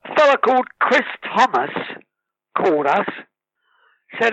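High, bright storyteller. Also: male voice, normal speed, long pauses, dry recording, dull audio. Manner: lively storyteller, breaks into sung snatches and laughs. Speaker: guest musician. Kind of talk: casual anecdote telling.

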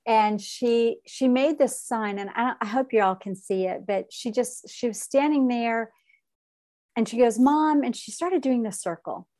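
A woman's voice: a little high, measured pace, mellow. A middle-aged woman, a podcast guest telling an emotional personal story and acting out what others said. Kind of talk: conversational storytelling.

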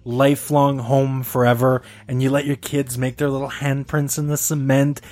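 A man's voice: medium pitch, flat delivery, moderate pace, a little mellow, dry recording. A man co-hosting a podcast, joking and swearing freely in casual banter. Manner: swears freely, jokey and reactive. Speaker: podcast co-host.

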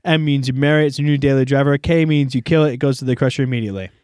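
A man co-hosting a podcast in casual chat, deadpan, spelling out his own puns. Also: medium pitch, rapid-fire, clean tone, no echo, clean studio sound. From Denver area. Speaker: podcast co-host.

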